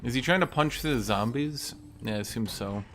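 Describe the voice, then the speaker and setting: A man's voice: mid-range voice, brisk, a bit bright, a little hiss or hum. A man giving casual commentary while playing a strategy game, with wry, exasperated asides. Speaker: gaming streamer.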